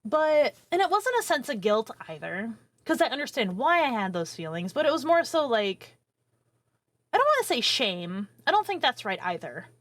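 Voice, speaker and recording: A woman in her thirties, a streamer telling a long personal story to her viewers in a profane, rambling, animated way. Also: a little high, moderate pace, no room sound. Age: 30s.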